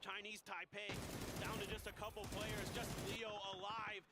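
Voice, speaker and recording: A man calling a team shooter match as play-by-play commentary, steady and analytical. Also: sits high, moderate pace. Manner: steady analytical calling, rising when excited. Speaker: esports caster. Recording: noisy game broadcast.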